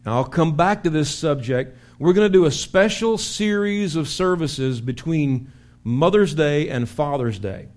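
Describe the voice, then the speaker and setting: A man preaching a sermon as pastor in a church, telling stories with lively acted-out shouts. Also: on the high side, a little slow, hardly any pauses. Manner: animated storytelling with acted-out shouts. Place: church sanctuary.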